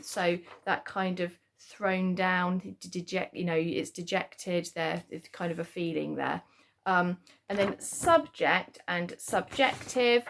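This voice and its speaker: A woman's voice: lowish voice, fairly bright tone, slight background noise. Chatty woman teaching spelling. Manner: chatty, lots of "um" and "kind of" fillers. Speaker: primary school teacher. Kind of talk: spelling lesson for children.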